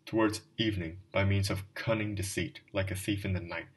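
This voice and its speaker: A man's voice: sits low, steady tone, a little fast, far from the mic, slight background noise, natural voice, poor audio. A man reading the part of a drunken, self-pitying middle-aged clerk who pleads and rambles, calling his listener sir. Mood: pleading.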